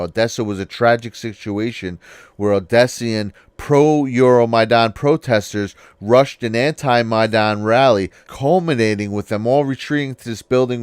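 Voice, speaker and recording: Man with a smooth voice, casual commentary. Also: medium pitch, no echo. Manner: casual, seeks agreement. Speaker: video commentator. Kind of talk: conversational commentary.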